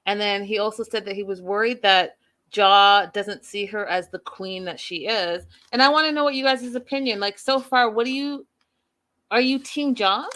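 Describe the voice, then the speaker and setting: A woman's voice: medium pitch, normal speed, pushed and bright. A woman hosting a TV recap show, chatting casually to her viewers in a gossipy, playfully dramatic way.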